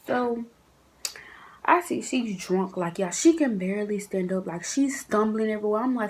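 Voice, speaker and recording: A young woman casually telling a storytime to her viewers, animated and chatty, with asides to the audience. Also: a little high, moderate pace, slight background noise, low-quality recording. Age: young adult. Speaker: vlogger.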